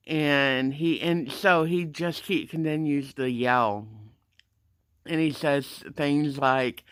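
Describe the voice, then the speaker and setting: A man's voice: slow, clean tone, no room sound, studio quality. A man telling a work story as a casual rant, acting out both sides of the dialogue. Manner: animated, acts out the dialogue with pitch jumps. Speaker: gym front desk attendant.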